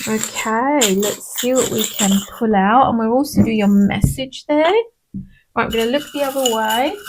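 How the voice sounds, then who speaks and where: A woman, a tarot reader and medium, gently and reassuringly talking viewers through a pick-a-pile reading. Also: mid-range voice. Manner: gentle, reassuring, unhurried, with frequent "um" and "I'm feeling".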